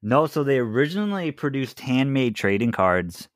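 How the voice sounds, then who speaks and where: A man with a very lively, swinging voice shares trivia on a casual podcast. The sound is dry and close, and he teases his friends as he goes. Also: medium pitch, moderate pace, no room sound. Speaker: podcast co-host. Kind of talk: casual chat.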